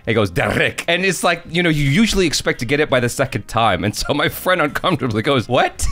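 A man co-hosting a movie reaction video, talking in a casual, animated way and swearing now and then. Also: on the high side, fast talker. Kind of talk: casual chat.

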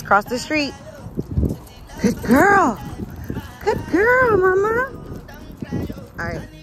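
A young woman chatting casually and emotionally to her phone camera for a vlog. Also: sits low. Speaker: vlogger.

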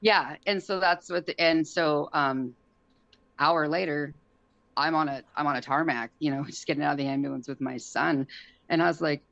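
A woman telling a story on a podcast in a casual way, acting out the quotes in a high, excited voice. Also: moderate pace, gravelly, no room sound, lo-fi sound. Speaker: guest.

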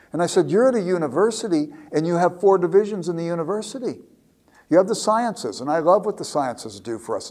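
An American man with a voice on the high side and a darkish tone gives a lecture. He tells a classroom anecdote, often repeating words as he begins a thought.

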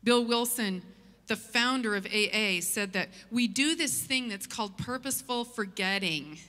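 Woman pastor, earnest sermon delivery, bright tone, church hall echo. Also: medium pitch. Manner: earnest, storytelling preacher. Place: church sanctuary. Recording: long church hall reverb.

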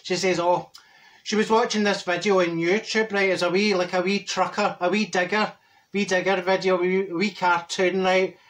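A man's voice: high voice, little pitch movement, normal speed, fairly bright tone. A man playing a straight-talking older Glaswegian woman, telling a comic story in a broad, chatty Glaswegian Scottish accent. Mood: gossipy. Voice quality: broad, chatty, full of "wee" and "right?". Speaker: comic character monologue.

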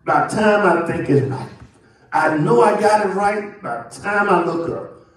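Man, pastor's sermon, highish voice, big echoey sanctuary, mic set back. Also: measured pace. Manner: preaching with big swings from loud to hushed. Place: church sanctuary. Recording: echoey church from far off.

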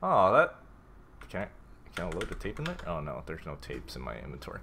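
A man casually commenting on a game as he plays, reading notes aloud, swearing and reacting loudly. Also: low voice, huge pitch swings, fairly quick, vocal fry, slight background noise. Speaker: gameplay streamer. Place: home room with a cat.

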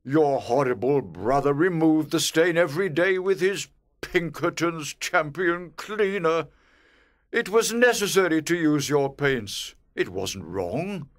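An actor playing a proud, rude old ghost who has not slept for centuries, speaking slowly and haughtily. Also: male voice, fairly high pitch, expressive. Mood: scornful. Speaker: ghost in a graded reader audio. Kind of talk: scripted audiobook drama.

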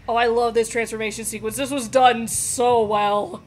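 A woman gamer giving excitable, exclamatory commentary as she plays a video game. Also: fairly high pitch, normal speed, a little hiss or hum. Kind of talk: let's play commentary.

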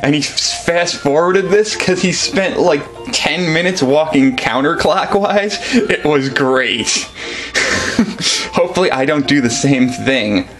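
A man's voice: fairly high pitch, animated, takes it slowly, fairly bright tone, soft background music. A man giving casual, joking commentary while playing a video game. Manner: joking, self-deprecating. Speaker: let's play commentator.

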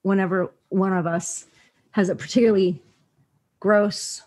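Woman guest co-host, husky, laughing, brash, foul-mouthed. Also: mid-range voice, steady tone, unhurried, darkish tone. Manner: laughs a lot, brash, profane. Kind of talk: casual crude banter.

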